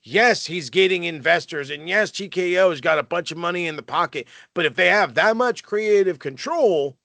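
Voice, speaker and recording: A man's voice: sits high, expressive, normal speed, gravelly, sharp tone, no room sound. A man co-hosting a wrestling podcast, ranting heatedly and swearing. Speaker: podcast co-host. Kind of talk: casual chat.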